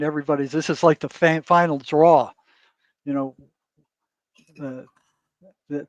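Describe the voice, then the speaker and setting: Male therapist guest, rambling storyteller, slightly high voice; dry, dull lo-fi recording. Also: dry recording. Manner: rambling, peppers talk with "you know" and "right?". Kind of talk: casual storytelling in an interview.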